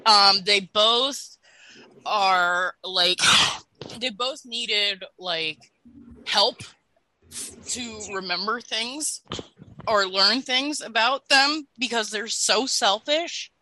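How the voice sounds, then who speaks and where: A woman's voice: on the high side, pushed and bright, low-quality recording. A woman in her thirties co-hosting a podcast, blunt and emphatic in casual chat. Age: 30s. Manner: emphatic, slow and blunt, swears when annoyed. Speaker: podcast co-host.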